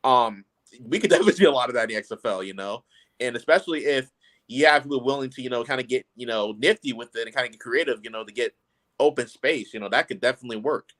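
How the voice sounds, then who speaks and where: A mid-pitched man on a football podcast. He talks in an easygoing, meandering way, padding his points with "you know.". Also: fast, fairly bright tone. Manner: laid-back, lots of "you know" fillers. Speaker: podcast co-host. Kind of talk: casual sports podcast chat.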